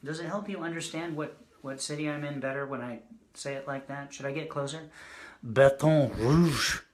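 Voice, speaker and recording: A man's voice: fairly high pitch, fairly even intonation, fairly quick, fairly bright tone, reverberant. A man giving a casual poetry reading, rambling and joking between poems. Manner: rambling, self-deprecating asides between poems. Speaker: poet reading his work. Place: indoors, online reading.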